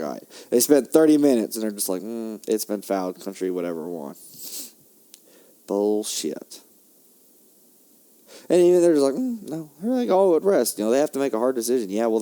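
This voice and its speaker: A young man hosting a podcast, ranting in a heated, profane monologue that swings between loud outbursts and low muttering. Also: smooth. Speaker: podcast host.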